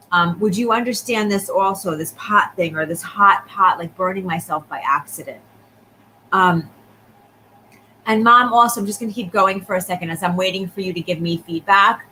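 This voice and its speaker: A woman giving a live psychic reading, talking quickly and checking in often with the person she reads for. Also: mid-range voice, sharp tone, a little hiss or hum, poor audio. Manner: rapid, repeatedly checking in with the sitter. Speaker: psychic medium.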